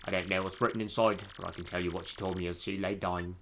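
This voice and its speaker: A man voicing a guilt-ridden male tavern keeper from a game, putting on a British accent and speaking in a hushed, confessional way. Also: deep voice, flat delivery, quick pace, slight background noise, pitched below the performer's own voice. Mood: grave. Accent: put-on British.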